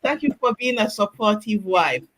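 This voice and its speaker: Co-host giving thanks, lively up-and-down voice, warm affirming chat. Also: medium pitch, normal speed, rough recording. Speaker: co-host, daughter of the pastor. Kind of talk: conversational talk show.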